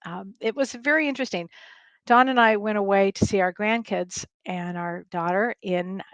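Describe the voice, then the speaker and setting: A woman's voice: mid-range voice, moderate pace, no echo. An older woman hosting a casual livestream as a spiritual medium, telling stories with frequent laughter and rambling restarts. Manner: chatty storyteller, laughs often, rambling restarts. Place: home livestream. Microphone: webcam or streaming mic.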